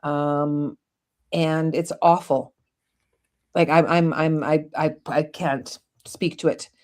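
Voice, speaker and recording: Middle-aged female co-host with a deep, low register; candid storyteller, blunt, swears now and then. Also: flat delivery, takes it slowly, darkish tone. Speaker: podcast co-host. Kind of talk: casual conversation.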